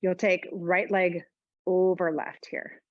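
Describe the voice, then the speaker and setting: Woman yoga instructor, chatty cues, lowish voice, dry muffled sound. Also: flat delivery, slow pace, no room sound. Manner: chatty, joking asides while cueing moves. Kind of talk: guided exercise class instruction.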